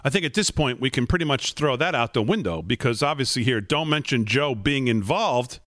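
A man hosts a political talk show, reading messages aloud and walking through a numbered list of points. His voice is mid-pitched, and the sound is dry and close. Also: animated, brisk, a bit bright, dry recording. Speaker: host. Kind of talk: political commentary.

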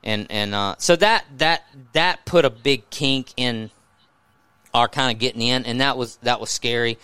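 A man with a Southern US accent, a podcast host telling a story in a casual, animated way, often restarting his sentences. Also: mid-range voice, unhurried, clear, resonant tone, dry recording.

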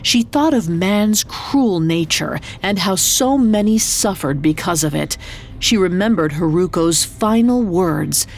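A woman narrates a folk tale in a dramatic, scripted style. Her voice is gravelly with vocal fry and sits a little low. She speaks very slowly, with soft music playing beneath her. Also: lively intonation, a little hiss or hum. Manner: slow, dramatic storytelling delivery. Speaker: podcast narrator. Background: faint music.

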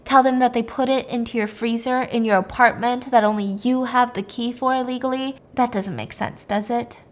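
Woman putting on a gruff male detective, blunt, world-weary, low matter-of-fact delivery, fairly high voice. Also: steady tone, moderate pace, lightly acted.

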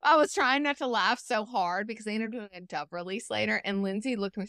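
Brief: woman podcast host, crisp, ringing tone, loose and funny, curses casually. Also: mid-range voice, fast, no room sound, studio quality. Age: adult parent. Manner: animated, joking storyteller who swears freely. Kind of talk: casual chat.

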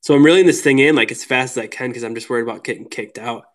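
A man from Minnesota, a podcast guest who tells fishing stories in a casual, animated way, laughing often and filling his speech with "like". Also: mid-range voice, racing. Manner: animated, laughing, lots of "like" fillers. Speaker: podcast guest, lure builder. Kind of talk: casual storytelling chat.

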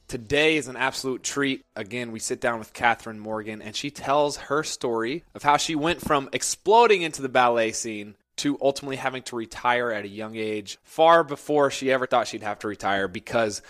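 A man's voice: medium pitch, moderate pace, hardly any pauses, a bit bright. Upbeat male podcast host. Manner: upbeat, enthusiastic questioning. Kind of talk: interview podcast hosting.

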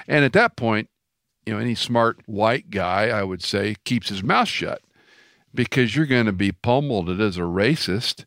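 A man's voice: fairly low pitch, expressive, normal speed, fairly bright tone, no room sound, studio quality. A man from Houston, Texas hosting an interview, talking emphatically and telling stories with quoted dialogue. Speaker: host. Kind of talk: interview conversation.

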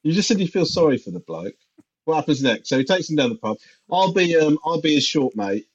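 Guy teasing his cohost, bit husky, muffled lo-fi recording. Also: fairly high pitch, sing-song, a little fast. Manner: dry, teasing, needling. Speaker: podcast co-host. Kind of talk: casual comedic chat.

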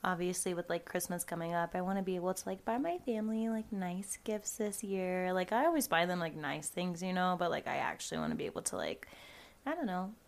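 Young female podcast host, gravelly, rambling, salty, talks from home. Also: fairly low pitch, animated, a little fast. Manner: rambling, swears a lot, says "like" often. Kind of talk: casual chat.

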